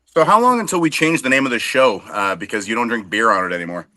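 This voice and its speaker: A man's voice: mid-range voice, expressive, fast talker, bright, forceful tone, no room sound. A man co-hosting a casual sports chat show, cracking jokes and poking fun at himself. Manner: wisecracking, self-deprecating. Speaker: podcast co-host.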